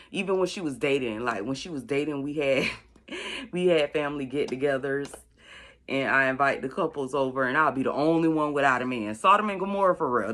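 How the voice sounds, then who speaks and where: A middle-aged woman from Florida, rambling through a casual story as a vlogger, drawing words out slowly for effect. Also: low voice, a bit bright. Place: at home doing makeup.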